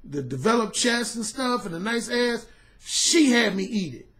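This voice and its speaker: A man's voice: very high voice, animated, measured pace, fairly bright tone, exaggerated voice. A man voicing a meek, weak-willed first man who talks in a muted way.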